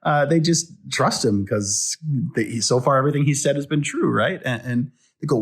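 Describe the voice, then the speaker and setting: A man's voice: medium pitch, moderate pace, breathy edge. A male pastor giving a casual devotional talk from home, speaking conversationally and putting questions to the viewer. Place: at home indoors.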